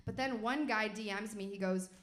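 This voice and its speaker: A young woman from Chicago performing a stand-up comedy set on stage, telling animated stories and acting out the people in them. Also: medium pitch, moderate pace, reverberant. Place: stage before a live audience.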